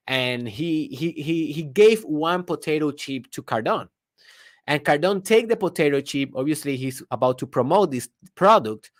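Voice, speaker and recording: Animated man with a Spanish-tinged delivery. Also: on the high side, no echo, studio quality. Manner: animated storytelling with laughter and non-native grammar. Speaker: podcast host. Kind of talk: casual motivational monologue.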